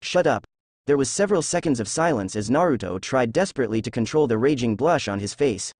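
A man narrating a fan fiction story in a steady, even reading voice. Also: mid-range voice, fast, no room sound, studio quality.

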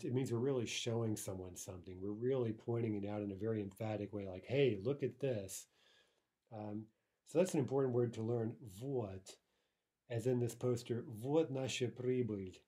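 A man gives a recorded language lesson in a relaxed, warm voice. He explains each example patiently and often pauses to ask "right?" before moving on. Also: on the low side, husky. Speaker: language teacher.

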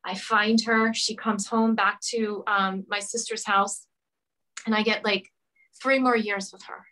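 A woman's voice: medium pitch, steady tone, a little slow, bright, forceful tone, rough recording. A woman from Rhode Island, a podcast guest, earnestly telling a personal story of forgiveness. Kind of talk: emotional personal story in interview.

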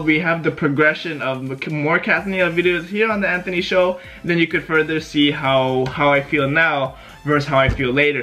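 A man from the United States hosting a casual reaction vlog, excitable and animated, often laughing. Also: a little high. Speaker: YouTube reaction host.

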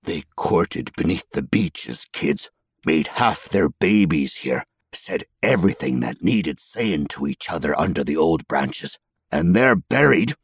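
A man's voice: very deep voice, lively intonation, husky, dry recording, clean studio sound, exaggerated voice. A man voicing a scrawny, humpbacked male goblin who talks in a growling, rustic drawl, irritable and stubborn. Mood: brooding. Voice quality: growling, rustic folksy speech. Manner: snappish, then slow and brooding.

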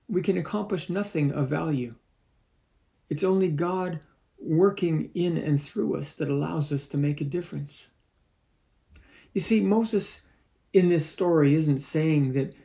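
Male pastor preaching a sermon: gravelly, warm tone, slightly high-set voice, measured and earnest. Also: rough recording. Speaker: lead pastor. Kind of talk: sermon with scripture reading. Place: church.

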